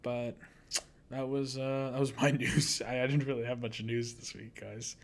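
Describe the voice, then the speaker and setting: A man's voice: mid-range voice, flat delivery, moderate pace. A young man co-hosting a casual podcast, laid-back, laughing often and trailing off with fillers. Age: young adult. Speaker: podcast co-host. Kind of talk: casual chat.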